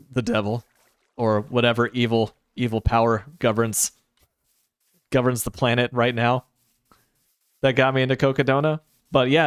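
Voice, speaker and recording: A man's voice: medium pitch, a bit bright, clean tone, dry recording, studio quality. Sleepy, wry male game streamer. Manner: rambling, wry and sarcastic asides. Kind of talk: casual chat while gaming, answering chat.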